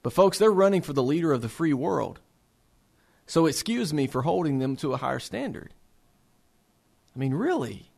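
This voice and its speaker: Impassioned high-voiced man preaching. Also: very animated, normal speed, gravelly, pauses often, a little mellow. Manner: impassioned, rhetorical questions, repeats words when starting phrases. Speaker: speaker for a faith-based resource center. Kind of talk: earnest address to fellow believers.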